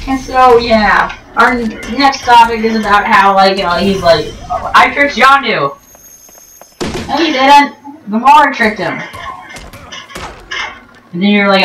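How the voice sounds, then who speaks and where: A woman giving rambling, joking commentary over gameplay, full of ums and restarts and sudden jumps in pitch. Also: sharp tone, a little hiss or hum. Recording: roomy echo, distant mic, faint game music.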